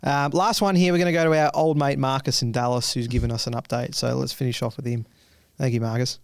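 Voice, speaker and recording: A man's voice: medium pitch, fairly even intonation, quick pace, creaky, clean tone, dry recording, clean studio sound. A man hosting a podcast, laughing often and introducing listener voice messages in casual chat. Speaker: podcast host.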